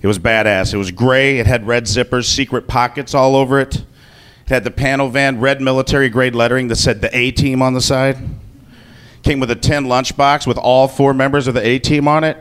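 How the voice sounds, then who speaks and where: A man's voice: mid-range voice, fairly even intonation, brisk, fairly bright tone, clean tone. A man telling a personal story to an audience in a casual, joking way, swearing freely. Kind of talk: live comic personal storytelling.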